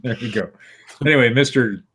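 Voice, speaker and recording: A man's voice: medium pitch, brisk, a bit bright, slightly rough. A man co-hosting a podcast, reading odd news stories aloud in a dry, sarcastic way and laughing at them. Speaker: podcast co-host.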